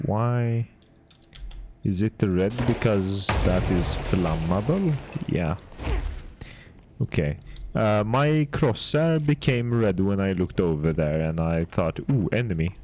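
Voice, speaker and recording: A man putting on a deliberately bad Swedish accent in a whispered role-play ASMR voice, soft and hushed with mock-formal wording. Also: sits low, slight background noise, exaggerated voice. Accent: put-on Swedish.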